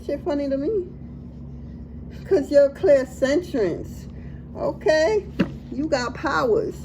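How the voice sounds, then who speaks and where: A woman's voice: high voice, animated, slow pace, noisy background. Laughing, slangy woman tarot reader. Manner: laughs often, slangy and playful. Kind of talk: casual tarot reading.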